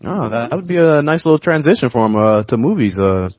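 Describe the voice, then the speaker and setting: A man co-hosting a podcast, talking in casual, profane, animated chat and laughing often. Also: medium pitch, fast talker, no room sound. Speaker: podcast co-host.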